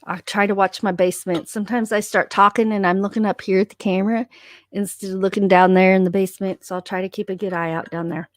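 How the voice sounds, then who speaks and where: Woman host at home, chatty livestream talk, reads out comments, dry sound, mid pitch. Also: level tone, fast, no echo. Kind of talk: casual livestream chat. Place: her home.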